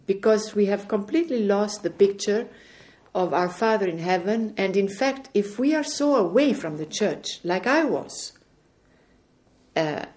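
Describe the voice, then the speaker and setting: Earnest woman speaker, soft dark tone, recounting faith experiences at home. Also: mid-range voice. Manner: earnest, gently recounting conversations. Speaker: religious speaker. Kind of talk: spiritual testimony talk. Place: indoors at home.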